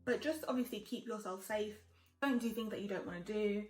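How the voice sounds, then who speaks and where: A woman's voice: mid-range voice, fairly quick, a little mellow, reverberant, faint music behind. A woman in her twenties chatting casually while getting ready, giving blunt, emphatic advice and swearing freely. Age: 20s. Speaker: lifestyle vlogger. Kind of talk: casual get-ready-with-me chat.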